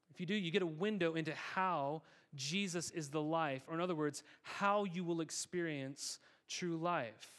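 A man's voice: fairly high pitch, fairly bright tone. A male pastor giving a sermon in a conversational, emphatic way, often repeating words.

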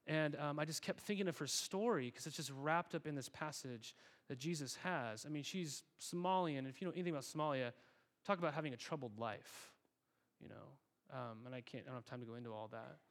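A male pastor preaching a sermon, telling a story in an earnest, conversational way and calling the congregation "guys". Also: on the high side.

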